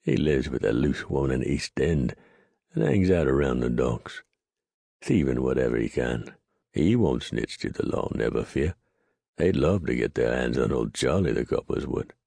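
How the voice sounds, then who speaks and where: A man voicing a blunt, gruff Cockney cab driver in an audiobook reading. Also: a bass voice, animated, moderate pace, dark tone, no echo, exaggerated voice.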